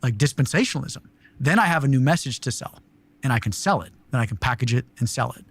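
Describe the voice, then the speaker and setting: A man's voice: mid-range voice, lively intonation, fast talker, a bit bright, slightly rough, dry recording. A man being interviewed as a guest, speaking in blunt, assertive statements. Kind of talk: interview conversation.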